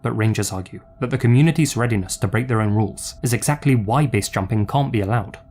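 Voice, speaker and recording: A man reading scripted documentary narration in a measured, even storytelling manner. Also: on the low side, slight background noise. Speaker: narrator of the reacted video.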